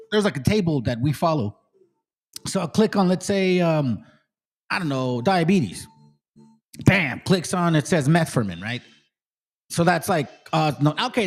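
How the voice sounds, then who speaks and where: A man hosting a commentary stream, reacting to a clip in a profane, combative way and addressing viewers as fam. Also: fairly high pitch. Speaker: host.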